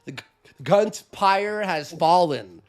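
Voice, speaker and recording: Slow yet animated, this man's voice sits high as he co-hosts a live stream. Laughing and using fillers, he jokes around while reading donation messages in casual chat.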